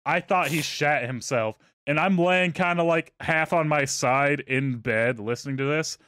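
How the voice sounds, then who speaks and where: A man hosting a podcast, telling a story in a relaxed, profane way and trailing off into quiet asides. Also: on the high side, measured pace, clear, resonant tone, dry recording, studio quality. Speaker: podcast host. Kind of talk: casual storytelling.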